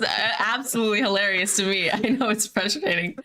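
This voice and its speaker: Bright, giggly woman streamer. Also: medium pitch, a little fast. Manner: giggly, rambling with many fillers. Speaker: streamer and host. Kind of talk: casual live-stream chat. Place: at home.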